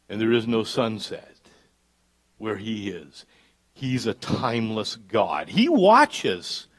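A pastor preaching a live church sermon, dropping to hushed asides and climbing to loud, emphatic peaks. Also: male voice, mid-range voice. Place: church service.

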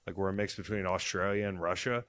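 A man in his thirties hosting a podcast, talking in excitable, profane, jokey banter. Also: deep voice, fast, clean tone. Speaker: podcast host. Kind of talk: casual chat.

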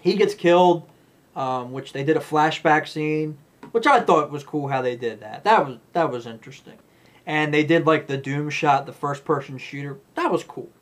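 A man's voice: fairly high pitch, normal speed. A man giving a rambling, blunt, profane movie review rant.

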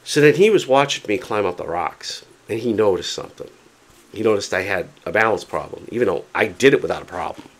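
A man casually telling a story to camera, chatty and animated, often repeating himself for emphasis. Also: on the low side, fairly quick. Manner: excited, determined. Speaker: vlogger.

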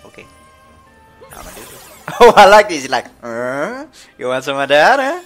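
A young man giving jokey, excitable commentary while playing a video game. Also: a little high, moderate pace. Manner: excitable, jokey, yelps and laughs. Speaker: let's play gamer. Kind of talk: casual gameplay commentary. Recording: game music loud under the voice.

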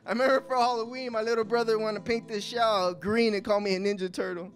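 High-voiced man telling his story. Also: fairly even intonation, a little fast, faint music behind. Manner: emotional storytelling, voice rising in tense moments and dropping low in sad ones. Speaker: speaker giving a testimony. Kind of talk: live spoken testimony. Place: coffee house stage.

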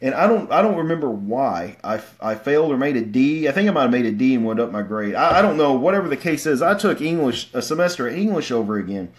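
A man, rambling through casual livestream stories, with many fillers and restarts and sudden loud outbursts. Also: mid-range voice, big pitch swings, fast talker, hardly any pauses. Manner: bursts into loud shouts when acting out stories. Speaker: vlogger.

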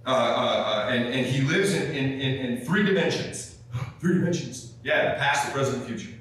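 A man preaching a sermon in a folksy, fervent, animated way, often stumbling over fillers. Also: medium pitch, moderate pace. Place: large church sanctuary. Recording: very echoey church from far off.

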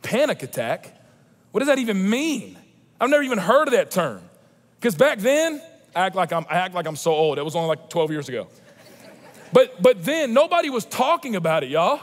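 Pastor in his 30s, high voice, emphatic sermon delivery, long church-hall reverb. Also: brisk. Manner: animated, emphatic preaching with personal storytelling. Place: large church auditorium.

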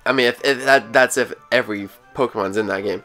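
A man narrates a laid-back voice-over for his video. He rambles and restarts his sentences as he talks. His pitch sits in an ordinary middle range. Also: fast, pushed and bright, faint music behind. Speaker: vlogger. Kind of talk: casual voice-over outro.

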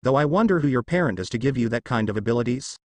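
A man's voice: medium pitch, lively intonation, quick pace, slight background noise, natural voice. A man voicing a cheerful, friendly teenage demigod boy who talks in an upbeat, reassuring way.

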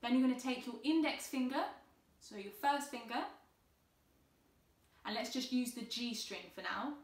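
A woman's voice: a little high, moderate pace. A woman teaching beginners cello in an online tutorial, giving patient, encouraging step-by-step instructions. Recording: roomy sound from a distant mic with cello.

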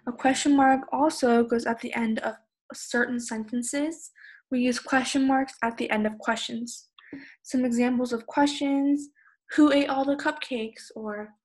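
A teenage girl from California who teaches a recorded online lesson, explaining plainly and patiently. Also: a little high. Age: teens. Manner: plain, patient explaining, raises voice on example shouts. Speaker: student teacher.

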